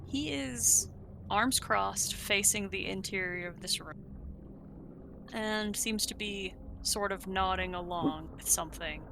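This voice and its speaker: A woman runs a tabletop game as game master, describing each scene slowly and calmly. Her voice sits at an ordinary middle pitch. The recording carries a clear hiss of background noise. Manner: unhurried, descriptive narration. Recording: noisy home recording.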